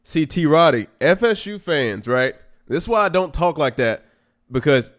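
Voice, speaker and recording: Speaking at a measured pace, with a medium pitch and big pitch swings, a young man livestreams a casual football watch-along. He reacts to the match, answers back to it, and climbs into exasperated outbursts.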